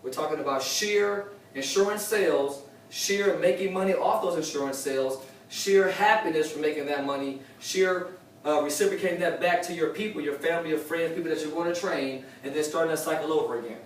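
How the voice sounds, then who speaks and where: A man's voice: a little high, brisk. A man giving a motivational talk at a sales meeting, preachy, repeating his key lines for emphasis. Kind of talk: live motivational talk to a room. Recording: distant echoey room with faint noise.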